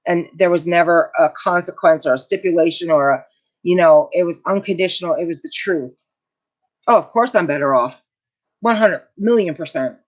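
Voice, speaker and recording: A woman's voice: fairly low pitch, normal speed. A middle-aged woman hosting a casual livestream, telling a family story with emotion and indignation and answering viewer comments. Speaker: channel host. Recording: dull lo-fi home recording.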